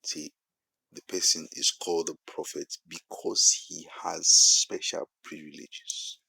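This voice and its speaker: A man with a Nigerian English accent preaching a sermon-style monologue, repeating phrases for emphasis and building to loud peaks. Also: deep voice, steady tone, takes it slowly, gravelly, slightly rough, no room sound, poor audio.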